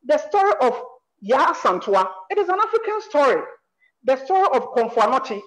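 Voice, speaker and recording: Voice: high-pitched, sing-song, a little fast, fairly bright tone, low-quality recording. A screenwriter from Ghana with a Ghanaian accent, talking on a panel in an emphatic way and asking rhetorical questions. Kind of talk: panel discussion.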